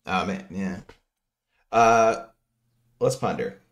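A man's voice: sits low, slow. A middle-aged man from New Jersey giving a casual economics lecture, working through equations aloud with rambling asides and frequent self-interruptions.

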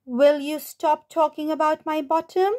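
A woman's voice: sits high, fairly even intonation, a little slow, darkish tone, voice pushed up. A woman doing a sulky complaining cat. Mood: grumbling. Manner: sighing, complaining. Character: grumpy put-upon male cat.

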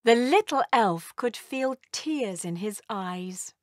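Slow, lilting woman reading a storybook. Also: on the high side, dry recording, clean studio sound. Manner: slow, expressive read-aloud. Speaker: storybook narrator.

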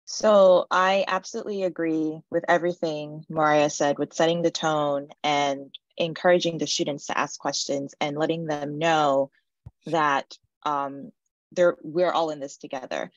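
A woman instructor speaking on a teaching panel in a measured way, with some restarts. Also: fairly even intonation, no echo. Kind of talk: panel discussion. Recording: dull low-fidelity audio.

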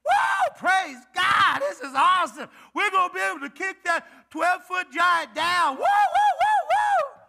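Man doing whooping israelite soldiers, shouting, very high, bright, jumpy pitch. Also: huge pitch swings, measured pace, creaky, few pauses, exaggerated voice. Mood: jubilant. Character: crowd of jubilant Israelite soldiers, cheering.

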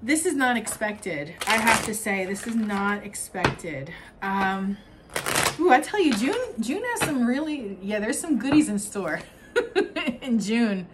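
A young adult woman giving an oracle card reading to camera, gushing and excitable, laughing often and trailing off mid-sentence. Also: medium pitch, takes it slowly, heavy background noise. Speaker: tarot card reader.

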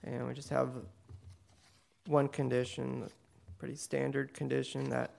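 Male city planner, heavy fry, monotone delivery, brisk report with fillers. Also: mid-range voice. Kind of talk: staff report at a public meeting.

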